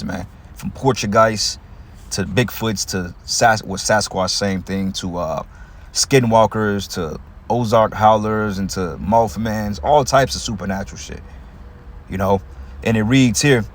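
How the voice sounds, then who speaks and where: A man with a fairly low voice preaches in a relaxed, street-talk style. He slows down to read each verse, then breaks into loose, blunt commentary. A vehicle can be heard in the background. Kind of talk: informal scripture teaching.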